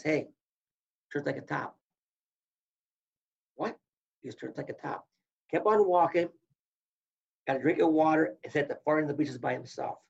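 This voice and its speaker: Older guy with a gravelly husky voice spinning old stories, dull lo-fi sound. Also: on the high side, far from the mic. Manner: animated storyteller, acts out quotes. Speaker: former college wrestler, guest. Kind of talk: storytelling interview chat.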